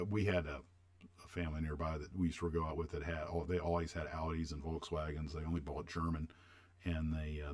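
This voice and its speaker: A deep-voiced older man from the United States hosts a casual livestream. He rambles warmly through memories, stops to answer viewers' questions, and keeps the tone loose and conversational. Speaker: livestream host.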